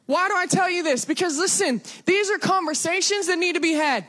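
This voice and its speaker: A young woman from Texas with a Southern accent and a bright, high voice preaches from a church pulpit. She talks like a friend, with quick self-deprecating asides. Her sermon is loose and chatty rather than formal. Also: expressive. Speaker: guest preacher. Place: church sanctuary.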